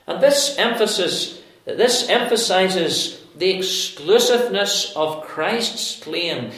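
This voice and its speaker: Slow, high-voiced preacher in an echoey room. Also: male voice, lively intonation, a bit bright. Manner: slow, deliberate expository preaching with emphatic pauses. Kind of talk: sermon.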